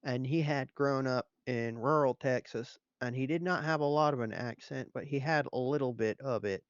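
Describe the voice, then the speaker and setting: A man's voice: mid-range voice, normal speed, clean tone, no echo, highs cut off. A man co-hosting a whiskey show, telling stories in casual, easygoing chat. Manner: storytelling, easygoing. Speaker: whiskey show co-host and dungeon master.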